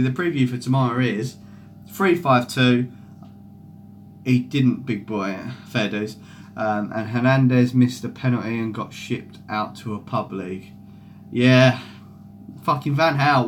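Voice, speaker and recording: A man's voice: mid-range voice, fairly bright tone, slight background noise. A young man chatting loosely on a football fan stream, swearing a lot and reading out viewer comments. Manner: sweary, rambling, reads out chat comments. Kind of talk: casual live-stream chat.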